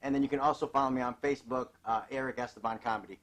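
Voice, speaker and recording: A male comedian from Chicago spins loose, profane, rambling stories with punchy asides. He is a podcast guest speaking at a middling pitch. The sound is dry and close to the mic. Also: fairly even intonation, very fast, a bit bright, dry recording. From Chicago, USA. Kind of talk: casual comic storytelling on a podcast.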